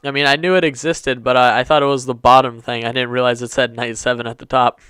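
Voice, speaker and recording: A man's voice: mid-range voice, flat delivery, fast talker, fairly bright tone, clean tone, no echo. A man giving casual let's-play commentary to his viewers, chatty and apologetic, stumbling over his words. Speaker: gaming YouTuber.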